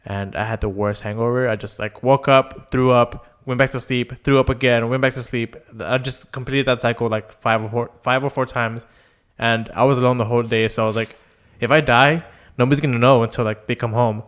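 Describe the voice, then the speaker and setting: A man's voice: mid-range voice, little pitch movement, fairly quick, smooth. A young man, casually telling rambling stories on a podcast, full of fillers and quoted voices. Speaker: podcast co-host. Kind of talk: casual storytelling chat.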